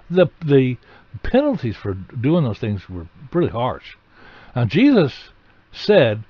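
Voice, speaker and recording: A man's voice: mid-range voice, sing-song, unhurried, dry recording. Dramatic male preacher, muffled recording. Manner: dramatic storytelling with sudden loud emphatic bursts. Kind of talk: sermon.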